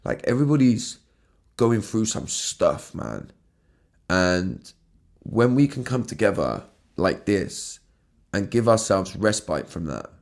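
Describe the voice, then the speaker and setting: A man's voice: on the low side, very animated, slow, gravelly. A man hosting his own podcast, talking earnestly and emotionally, often stumbling and restarting his words, with casual swearing. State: emotional, has been crying. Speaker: podcast host. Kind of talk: emotional solo podcast monologue.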